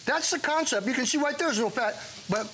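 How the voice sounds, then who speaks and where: A middle-aged man pitching his food products on a home shopping show, animated and joking, sometimes talking with his mouth full. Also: fast, a little hiss or hum, poor audio. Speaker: guest brand founder.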